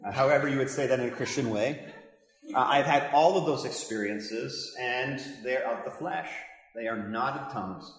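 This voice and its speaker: Speaking at a moderate pace in a mid-range voice, this older man is a pastor giving a fervent, chatty Bible lesson peppered with asides to the audience. Heavy hall reverb echoes throughout.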